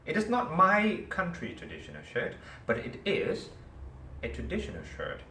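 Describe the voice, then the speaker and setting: A man's voice: a little high, moderate pace, a little hiss or hum. A man teaching a class, telling a story and asking his students questions. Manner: animated, asks the class questions. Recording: echoey room, mic far off, faint ambience.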